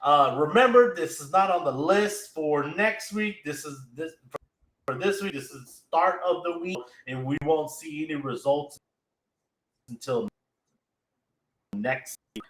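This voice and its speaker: Male podcast host, casual, excitable, fills with "man" and "uh"; bright, tense voice, echoey room. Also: fairly high pitch, a little slow. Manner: excitable, laughs often, many fillers. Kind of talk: casual anime recap chat.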